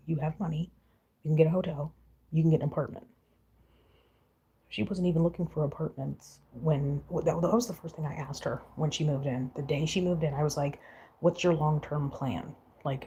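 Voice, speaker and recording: A woman's voice: low voice, vocal fry, dark tone, a little hiss or hum, rough recording. A young woman venting on a casual vlog, frustrated and swearing freely as she mimics her roommate. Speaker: vlogger. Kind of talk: venting to camera.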